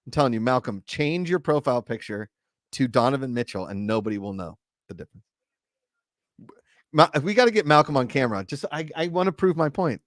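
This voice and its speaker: A man's voice: medium pitch, brisk, no room sound, studio quality. A man hosting a casual sports watch party, joking and chatting loosely. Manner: joking, animated, does accents.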